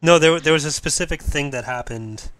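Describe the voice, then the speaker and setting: A man hosting a casual game chat, telling stories in a relaxed, chatty way. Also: on the high side, fairly quick. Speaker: host streaming a game.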